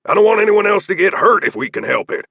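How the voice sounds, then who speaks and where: A man voicing a stern, commanding bearded gang leader who barks orders and shouts, in a dry, husky audiobook read. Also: high voice, lively intonation, fast, no echo, dull audio, pitched above the performer's own voice, heavily acted.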